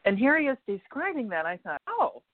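A woman's voice: on the high side, sing-song, fairly quick, dry recording. A chatty woman talking as a radio guest over a tinny phone line. Her voice rises and falls a great deal as she tells her stories. The sound is dry and close. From United States. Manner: chatty, laughs often, acts out quoted lines. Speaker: guest, energy healer. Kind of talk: casual radio chat.

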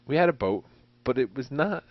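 A man's voice: medium pitch, expressive, moderate pace, no room sound. A man co-hosting a podcast, telling a rambling, chuckling story in casual chat. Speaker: podcast co-host. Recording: dull, dry lo-fi recording.

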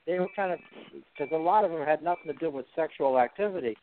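A man in his seventies, from Canada, talks as a guest musician on a radio interview in a fairly high voice. He is chatty and teasing, telling old stories, and his voice comes over a thin phone-like line. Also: fast talker, slight background noise. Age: 70s.

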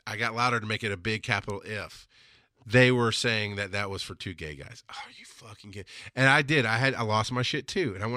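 A man's voice: mid-range voice, animated, fairly quick, sharp tone, dry recording, clean studio sound. A man hosting a solo podcast, talking bluntly and with lots of swearing, and often working himself up into heated rants. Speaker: podcast host.

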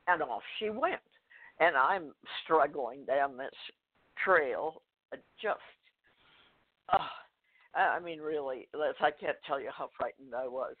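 An older woman, a guest author, telling a personal story in a phone interview, halting, with fillers, restarts and soft laughs. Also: sits low, animated, husky. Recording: tinny phone line.

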